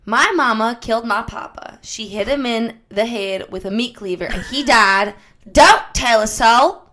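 Brief: a woman putting on a snitching little girl, accented, singsong and a touch loud. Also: on the high side, measured pace. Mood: confiding. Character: young girl with a put-on accent.

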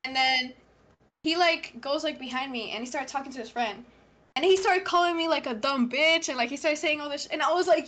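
A teenage girl in casual chat, telling an animated story full of fillers and quoted lines. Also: sits high, a little fast. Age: teens. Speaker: podcast co-host.

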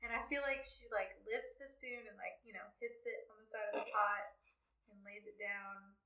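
Animated bright woman, echoey room. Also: medium pitch, moderate pace. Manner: animated, enthusiastic, laughs often. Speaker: podcast co-host. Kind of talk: casual book discussion chat.

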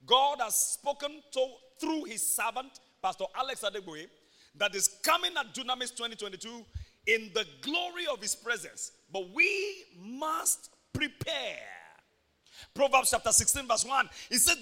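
A man with a Nigerian accent preaching an animated sermon, moving from soft talk to shouts. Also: very high voice, a little slow, big-room sound. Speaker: pastor. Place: church.

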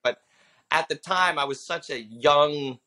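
Brief: male comic in his 30s, bright tone, lively storyteller who drops into voices. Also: on the high side, unhurried. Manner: animated storyteller who slips into character voices for quotes. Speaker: stand-up comedian guest. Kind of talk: casual interview storytelling.

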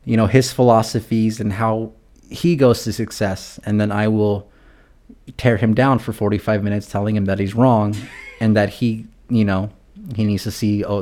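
A man's voice: lowish voice, darkish tone. A young man hosting his own podcast, talking alone in a rambling, profane, darkly joking way. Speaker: podcast host. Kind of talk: casual solo podcast monologue.

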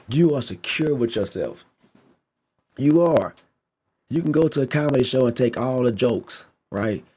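A man's voice: medium pitch, creaky, mellow, breathy edge. A man giving a casual, emphatic opinion rant, repeating himself for stress, using slang and swearing a lot. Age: adult. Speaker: vlogger.

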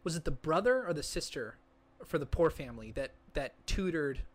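A man with a fairly high voice chats about movies with a co-host. He tells stories in an animated, rambling way, full of fillers and restarts. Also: moderate pace. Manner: animated storyteller, lots of likes and restarts. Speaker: podcast co-host. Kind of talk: casual movie discussion.

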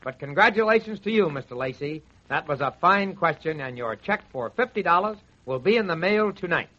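A man hosting a scripted radio sports question show, trading wisecracks in a gruff joking manner, on a dull lo-fi 1940s radio recording. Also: fairly high pitch, animated, a little fast. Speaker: host.

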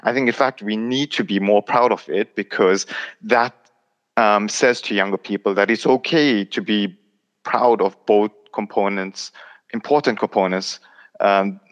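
A man hosting a podcast in casual chat, talking haltingly with many restarts. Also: lowish voice, steady tone, a bit bright. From United Kingdom. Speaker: podcast host. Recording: dull lo-fi recording.

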